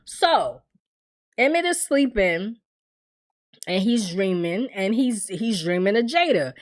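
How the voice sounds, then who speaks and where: A woman giving a casual TV recap, telling the story in a candid, animated way and acting out the characters' lines. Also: medium pitch, slow pace. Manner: candid, swears freely. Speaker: TV recap reviewer.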